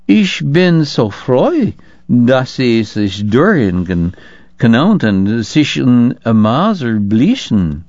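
Man playing a hostess, Hungarian accent, low husky voice, warm and dignified, storybook reading, muffled dry sound. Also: very animated, takes it slowly, no echo. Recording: dull lo-fi dry recording.

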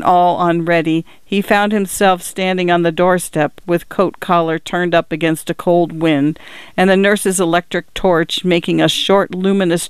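A man narrating a literary story in a measured, even-toned reading. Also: high-pitched, clean tone, no room sound. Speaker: audiobook narrator.

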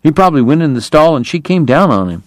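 A man's voice: big pitch swings, quick pace, dry recording, clean studio sound. A man voicing a frightened male horse trader who stammers and pleads his innocence. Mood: pleading. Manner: pleading, stammering, rising pitch.

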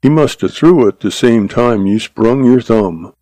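A man's voice: medium pitch, lively intonation, unhurried, dark tone, no room sound, lightly acted. A man voicing a cocky cowboy puncher who drawls and mocks his enemies. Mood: mocking. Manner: drawling, mocking.

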